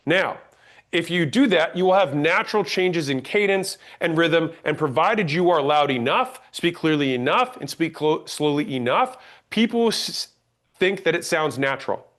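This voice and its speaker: A man teaching a sales class, blunt and emphatic, demonstrating pauses and rising inflection as he explains. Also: a little high, lively intonation, a bit bright. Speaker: sales trainer. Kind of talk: instructional talk on sales tonality.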